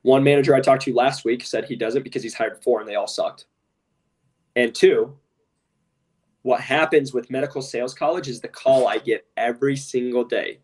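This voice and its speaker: A man's voice: medium pitch, fairly quick, a little mellow, slightly rough, far from the mic. A man co-hosting a podcast in casual talk, blunt and impassioned, often saying "literally" and "straight up". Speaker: podcast co-host.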